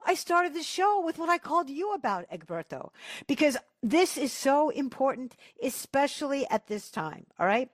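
Animated, excitable woman radio host. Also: sits high, normal speed, no room sound. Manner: excitable, emphatic, stretches out key words. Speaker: radio talk show host, guest. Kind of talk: animated political conversation.

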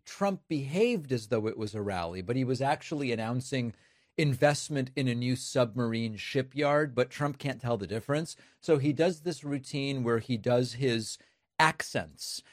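A man's voice: medium pitch, no room sound, studio quality. Sardonic man hosting political commentary. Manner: emphatic and sardonic. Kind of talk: opinion commentary.

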